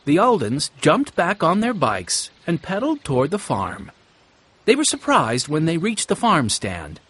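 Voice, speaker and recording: A man reading a children's storybook aloud with an expressive, sing-song delivery. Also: a little high, measured pace, husky. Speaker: narrator.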